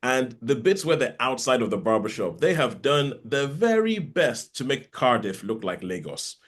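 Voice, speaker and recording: A man's voice: mid-range voice, very animated, normal speed. Rambling chatty male podcast host. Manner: chatty, rambling with frequent restarts. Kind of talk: casual chat.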